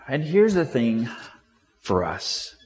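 Male pastor, conversational sermon, voices the characters he quotes, reverberant church sound. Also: medium pitch. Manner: conversational, acts out quotes with shifting tone. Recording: long hall reverb.

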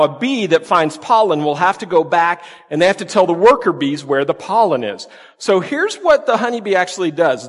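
A man's voice: high voice, a bit bright. A man preaching a conversational sermon as pastor, full of rhetorical questions. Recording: long reverb of a large hall.

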